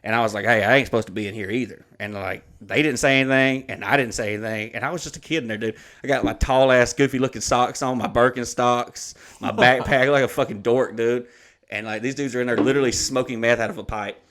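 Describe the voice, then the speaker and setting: A man's voice: medium pitch, fairly even intonation, fast talker, fairly bright tone. A man, telling stories in a rambling, profane, laid-back way as co-host of a casual chat. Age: 30s. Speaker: podcast co-host.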